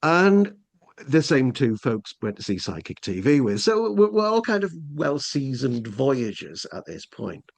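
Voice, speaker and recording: A man's voice: medium pitch, very animated, measured pace, gravelly. Rambling English man telling a story. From England. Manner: rambling, many restarts and fillers. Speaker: podcast guest. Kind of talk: casual storytelling.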